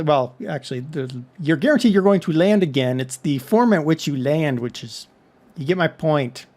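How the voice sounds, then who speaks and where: A man's voice: on the high side, darkish tone. A man from Texas talking casually to his viewers in a rambling monologue full of joking asides. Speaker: vlog host.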